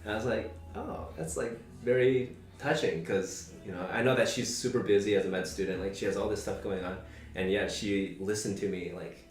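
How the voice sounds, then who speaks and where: A man's voice: low-pitched, steady tone, brisk. A man in his twenties hosting a casual group conversation, telling a personal story in a rambling way, full of "like" fillers. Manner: rambling, heavy use of "like" fillers. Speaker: podcast host. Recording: roomy echo.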